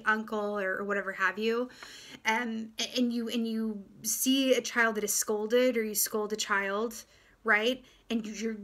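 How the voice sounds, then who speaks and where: A woman giving a casual, gentle tarot reading to her viewers, reflective and full of fillers and restarts. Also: a little high. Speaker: tarot reader.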